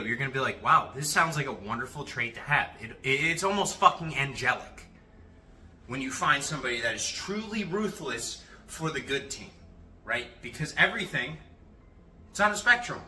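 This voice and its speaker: A young man with a piercingly bright, slightly high voice runs a livestream and rants in an aggressive, profanity-laden way. He sounds confrontational and pushy, like a self-made coach hammering his point home. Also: animated, moderate pace, slight background noise. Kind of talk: motivational rant on a livestream.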